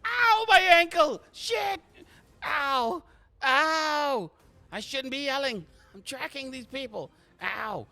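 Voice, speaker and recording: A man's voice: very high voice, expressive, slow pace, creaky, pushed and bright, pitched above the performer's own voice, exaggerated voice. A man voicing a clumsy young male adventurer who has hurt his ankle, yelping and groaning in pain.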